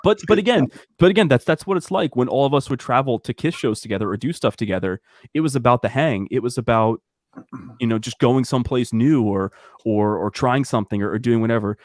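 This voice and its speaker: A man's voice: medium pitch, animated, fairly quick, dry recording. A man chatting on a casual talk show, telling stories with lots of restarts and asides. His voice is in a middle range and sounds dry and close. He is on a video call. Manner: chatty storyteller, many restarts. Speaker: guest. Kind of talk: casual chat.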